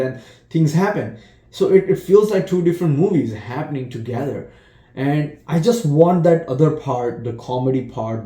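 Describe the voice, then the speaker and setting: Brief: male movie reviewer, casual and rambling, dark tone, roomy echo. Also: mid-range voice. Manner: rambling, with frequent restarts and laughter.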